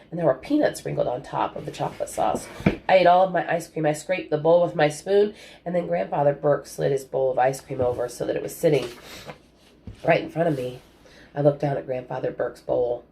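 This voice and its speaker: A woman reading a children's novel aloud in an even, storytelling way. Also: low-pitched, gravelly. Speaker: audiobook reader.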